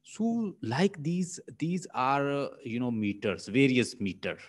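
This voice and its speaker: A man's voice: medium pitch, big pitch swings, takes it slowly. A man with a Pakistani English accent teaching a linguistics lesson, repeating points and sounding out words syllable by syllable. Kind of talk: classroom lecture.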